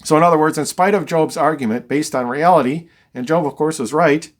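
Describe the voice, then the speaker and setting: A man's voice: a little high, brisk. A man teaching a verse-by-verse Bible study, reading scripture and explaining it conversationally with dry, wry asides.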